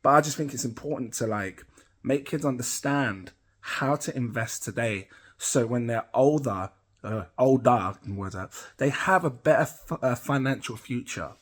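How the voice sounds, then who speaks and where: A man's voice: mid-range voice, moderate pace. A middle-aged British man rambling casually to camera as a crypto channel host, chatty and self-amused. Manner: rambling, chatty, laughs at himself.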